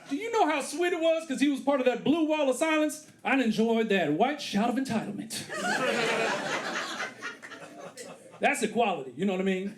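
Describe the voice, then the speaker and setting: A man's voice: very high voice, wildly swooping pitch, measured pace, long pauses, heavy background noise. A man in his thirties doing stand-up comedy on a theater stage, acting out characters with big voice swings. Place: comedy theater stage before a live audience. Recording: live club recording with audience laughter.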